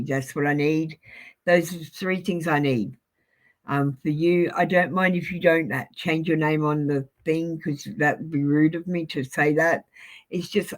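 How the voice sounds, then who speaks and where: A woman's voice: deep voice, rough recording. A woman, giving live-stream tarot readings in an abrupt, sweary manner and often apologizing. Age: 40s. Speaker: tarot reader.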